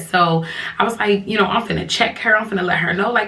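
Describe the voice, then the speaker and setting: A woman's voice: mid-range voice, quick pace, bright, forceful tone, recorded from a distance. A woman casually telling a personal story to her viewers, chatty and full of slang, often turning to them directly. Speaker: storytime vlogger.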